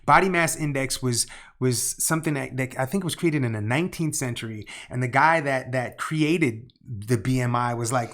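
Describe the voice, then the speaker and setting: A man's voice: mid-range voice, normal speed, a bit bright. A man co-hosting a podcast, a healthcare professional, talking heatedly with many stumbling restarts and some swearing. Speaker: podcast co-host. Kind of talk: casual podcast discussion.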